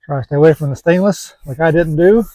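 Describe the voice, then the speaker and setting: Casting note: plain-spoken man, slightly high voice, dry close mic, easygoing joking how-to delivery. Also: fast talker, mellow, no room sound, poor audio. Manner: folksy, joking, rambling. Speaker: classic car seller. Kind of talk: casual how-to vlog.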